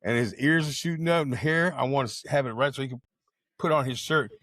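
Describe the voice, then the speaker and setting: A man's voice: mid-range voice, fairly quick, a bit bright, no room sound, studio quality. An older man co-hosting a casual chat, telling jokey stories with a lot of swearing. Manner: profane, joking storyteller. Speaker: podcast co-host. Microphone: video call.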